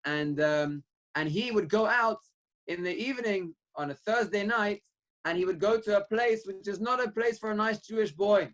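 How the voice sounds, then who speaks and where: High-voiced earnest man teaching Torah. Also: normal speed, poor audio. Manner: earnest, rising to animated when quoting, mixes Hebrew and Yiddish terms. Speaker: rabbi giving a Torah class. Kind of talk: Torah class with storytelling.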